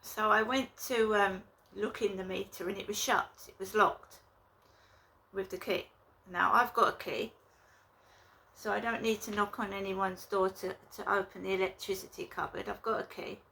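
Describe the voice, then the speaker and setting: A woman talking casually to her viewers in a rambling, indignant way, recording a vlog in her flat. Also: mid-range voice, normal speed, gravelly. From England. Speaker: vlogger. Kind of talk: casual vlog talk to camera.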